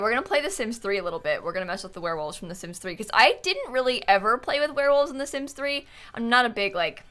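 A woman talks casually on a live game stream with a bright, sharp voice that swings widely in pitch. She rambles in a chatty way, full of fillers, and thanks her viewers by name. Faint music plays behind her. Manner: reads out and thanks chat viewers. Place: at home with her cat.

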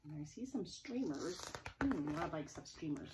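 A woman librarian reading a picture book to preschoolers, gentle and expressive, with chatty asides to the children. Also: sits low, unhurried, background noise. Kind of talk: preschool story time reading.

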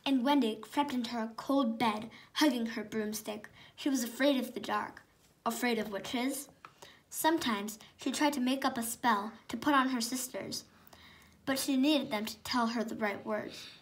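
A woman reading a picture book aloud as a storytime co-host, friendly and explaining the pictures. Her voice sits a little high. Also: moderate pace.

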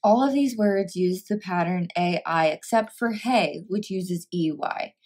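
A woman teacher reading a picture book aloud and walking through a phonics lesson, sounding out words clearly. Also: lowish voice, a little slow, darkish tone.

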